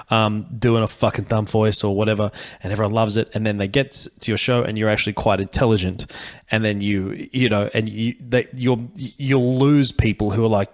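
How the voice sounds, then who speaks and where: A comedian chatting loosely on a podcast, rambling, swearing and laughing often. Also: male voice, fairly low pitch. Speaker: comedian guest. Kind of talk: casual podcast chat.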